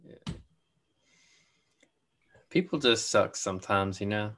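A man's voice: fairly low pitch, animated, slow, fairly bright tone, a little hiss or hum. A young man co-hosting a podcast in casual chat, laid-back, saying "dude" and "like" a lot. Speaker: podcast co-host.

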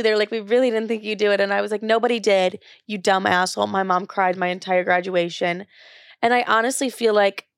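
Young woman host, solo podcast, mid-pitched, blunt and profane, chatty fillers, dry booth sound. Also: creaky, no echo. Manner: candid and profane, many "like" fillers. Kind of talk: casual solo podcast talk.

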